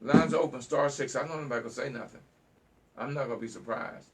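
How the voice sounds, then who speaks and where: A man's voice: medium pitch, quick pace, distant mic. Fired-up man hosting a call-in show. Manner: fiery, preachy, repeats phrases and stutters when worked up. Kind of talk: impassioned call-in talk monologue.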